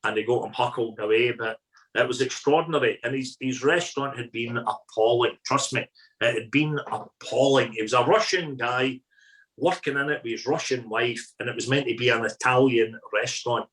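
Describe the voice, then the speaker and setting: A middle-aged Scottish man, a podcast guest telling colloquial, lively stories as a food critic. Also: medium pitch, moderate pace, low-quality recording. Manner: colloquial, animated raconteur. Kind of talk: anecdotal storytelling.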